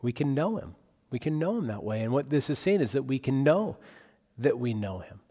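A male pastor delivering a sermon in an expressive preaching manner, speeding up for retold dialogue and going quiet for emphasis. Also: mid-range voice, brisk, in a large hall.

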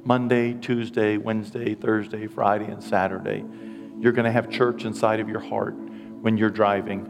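A man's voice: fairly low pitch, flat delivery, moderate pace, gravelly, long reverb tail, music in the background. A man in his sixties preaching as a pastor in a church, earnest and emotional, with self-deprecating asides. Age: 60s. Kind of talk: sermon. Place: church sanctuary.

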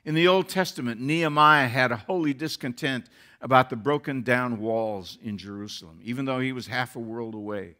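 A man's voice: mid-range voice, moderate pace, sharp tone. A man who is a pastor, preaching a sermon with earnest rising emphasis.

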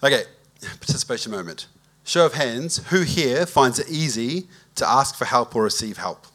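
A man, a pastor giving a conversational sermon that tells a relaxed story and asks the congregation for a show of hands. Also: medium pitch, normal speed.

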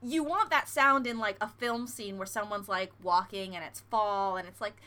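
A woman's voice: medium pitch, normal speed. A woman co-hosting a casual chat, telling stories with lots of laughter and restarts. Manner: giggly, animated storyteller; trails off and restarts mid-sentence.

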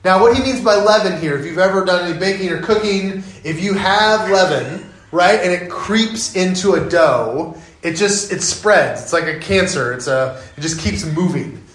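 A man preaching a sermon as pastor, telling it in an animated, conversational way. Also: sits high, normal speed, roomy sound, rough recording.

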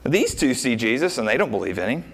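Male pastor mid-sermon, lively up-and-down delivery, casual asides and rhetorical questions. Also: mid-range voice, quick pace. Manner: animated, rhetorical questions, frequent uh fillers.

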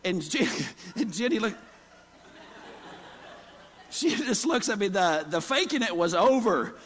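A man's voice: sits high, expressive, unhurried, a bit bright. A pastor preaching a folksy story-filled sermon, asking the congregation questions as he goes. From Oklahoma. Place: church sanctuary. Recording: long hall reverb.

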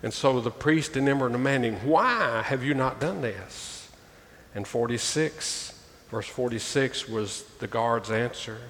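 A man's voice: medium pitch, measured pace, fairly bright tone. A male pastor preaching a sermon, reading scripture aloud and calling his listeners "folks" with emphatic rises. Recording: long reverb, faint ambient noise.

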